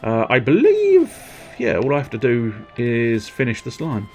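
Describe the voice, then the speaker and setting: Streamer, man, playful rambling game commentary, lively, sing-song delivery. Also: mid-range voice, unhurried, soft background music. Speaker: livestreamer. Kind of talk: casual gameplay commentary.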